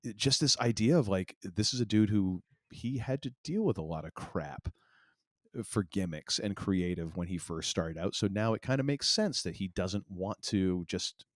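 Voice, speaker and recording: A low-pitched man from Maine chats casually on a podcast, rambling and circling back with fillers and restarts. His voice sits close to the mic in a dry, dead-sounding space. The talk is loose and easygoing. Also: moderate pace, no echo. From Maine, USA. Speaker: podcast co-host. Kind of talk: casual chat.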